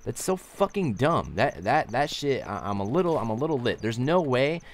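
A young man giving casual gameplay commentary, ranting with heavy swearing and taunting other players. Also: mid-range voice. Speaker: gamer.

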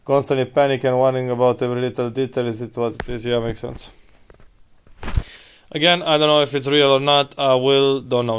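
A man giving casual, crude gameplay commentary, breaking into loud hype shouts. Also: mid-range voice, fairly quick, a little hiss or hum, rough recording. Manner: crude, excitable, yells hype callouts.

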